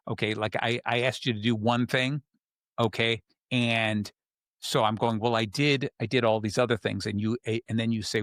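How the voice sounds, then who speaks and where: A man's voice: medium pitch, steady tone, normal speed, a bit bright, dry recording, clean studio sound. A man hosting a podcast, explaining in casual chat with acted-out examples and plenty of fillers. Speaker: podcast host.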